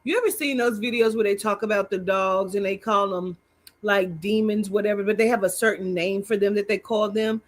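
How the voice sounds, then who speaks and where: A woman co-hosting a podcast, chatting casually with loud laughter and plenty of swearing. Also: medium pitch, fairly even intonation, fairly quick. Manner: loud, profane, bursts into laughter. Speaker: podcast co-host. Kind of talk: casual chat.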